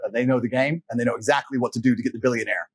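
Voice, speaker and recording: A man's voice: mid-range voice, fairly even intonation, very fast. A man being interviewed, telling stories in a blunt, profane, casual way and acting out the people he quotes. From England. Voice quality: husky. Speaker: interview guest.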